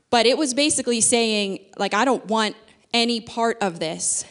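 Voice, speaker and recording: A woman giving a sermon in a conversational way, explaining with everyday examples. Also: medium pitch. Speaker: speaker.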